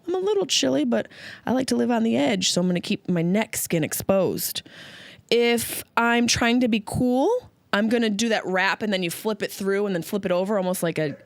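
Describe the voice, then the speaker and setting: A woman from Upstate New York hosting a solo comedy podcast, riffing with sarcastic, animated asides. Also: mid-range voice, normal speed, gravelly, no echo. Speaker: podcast host.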